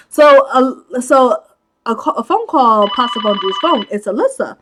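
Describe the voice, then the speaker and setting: A woman hosting a casual movie recap. She talks in an animated, chatty way, laughs often and drops in many filler "like"s. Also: on the high side, unhurried, slight background noise. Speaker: movie commentary host.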